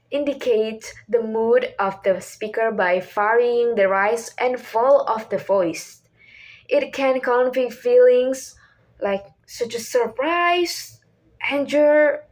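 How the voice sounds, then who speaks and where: A young woman whose first language is Indonesian, reading a class presentation from a script as questions and answers, with small restarts. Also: on the high side. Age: young adult. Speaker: student presenter.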